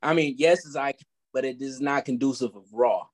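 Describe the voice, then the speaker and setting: A man co-hosting a casual wrestling podcast who rambles in an animated way. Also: medium pitch, a little fast. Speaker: podcast co-host.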